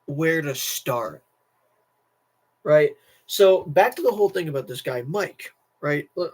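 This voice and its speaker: A teenage boy streaming a casual political rant, tired, restless, repeating himself and restarting sentences. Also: a little high. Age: teens.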